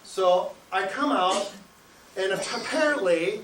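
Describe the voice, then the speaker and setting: High-voiced man telling a comic story. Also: takes it slowly, crowd noise. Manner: animated, chuckles through his own story. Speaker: stand-up comic. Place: live show venue. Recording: echoey room, mic from a distance.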